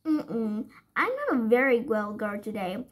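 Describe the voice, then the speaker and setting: Little girl, sick in bed, stubborn and whiny, high and sing-song, a woman reading it. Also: sing-song, unhurried. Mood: curious. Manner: whiny, stubborn, then shy.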